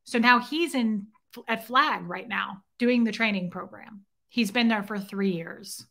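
A woman's voice: medium pitch, measured pace, creaky. A young adult woman hosting her own show, casually retelling a personal encounter and acting out both sides of the conversation for her viewers. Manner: animated retelling with quoted dialogue and side remarks to chat. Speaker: host.

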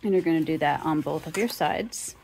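A woman's voice: sits low, fairly quick, darkish tone, slight background noise. A woman teaching a sewing tutorial, casually talking the viewer through each step. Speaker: sewing instructor.

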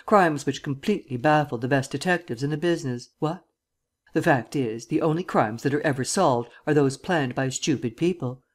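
A male audiobook reader voicing a witty, condescending gentleman detective with an airily superior, drawling manner. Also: a little high, moderate pace, natural voice. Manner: drawling, airily superior, archaic upper-class phrasing. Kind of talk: audiobook character reading.

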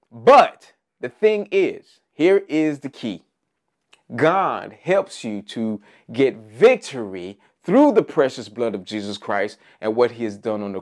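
A man preaching an Easter sermon, emphatic, with rising repeated phrases and frequent "uh" fillers. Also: medium pitch.

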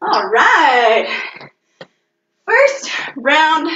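A woman's voice: high voice, very slow, recorded from a distance. Breathless, cheering female fitness coach. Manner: energetic, cheering, counting out reps. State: out of breath, sweaty. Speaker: fitness instructor. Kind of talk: live-streamed workout coaching. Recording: roomy, dull sound with faint noise.

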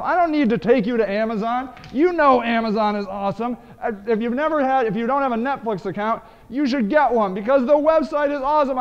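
Excitable high-voiced man ranting about websites. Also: clean tone. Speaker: web marketing show host. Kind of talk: energetic video commentary. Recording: dull, roomy lo-fi web video audio.

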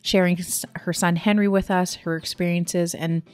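A woman's voice: lowish voice, little pitch movement, normal speed. A woman hosting a podcast, thanking her guest with affirming, emotional words. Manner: affirming, emotional, many short yeahs and restarts. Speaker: podcast host. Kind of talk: warm interview chat.

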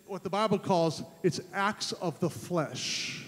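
A man preaching a sermon as pastor, emphatic, rising to loud fervent peaks. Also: high-pitched, slow. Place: church sanctuary. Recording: long church reverb.

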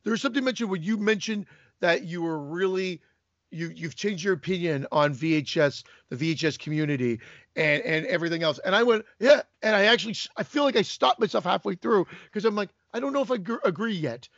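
High-pitched swearing man ranting. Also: expressive, brisk, fairly bright tone, no echo, highs cut off. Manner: profane, ranting. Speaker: podcast co-host. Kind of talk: casual chat.

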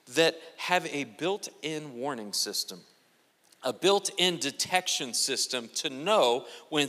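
A man preaching a sermon as a guest pastor, animated and quick to joke with the congregation. His voice sits a little high and rings bright and forceful. It trails off into the long reverb of a large church hall. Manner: animated and joking, with playful asides to the congregation. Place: church sanctuary.

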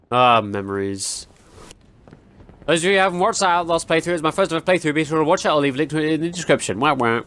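A man's voice: fairly high pitch, a bit bright. A young man giving jumpy, exclaiming commentary while playing a horror game and talking to its characters. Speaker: gaming YouTuber.

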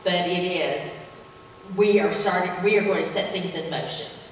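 A woman's voice: fairly low pitch, moderate pace, slight background noise. A woman leading an informal Bible teaching in a church service, talking in a conversational, enthusiastic way with many fillers. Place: church sanctuary. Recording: echoey hall from far off.

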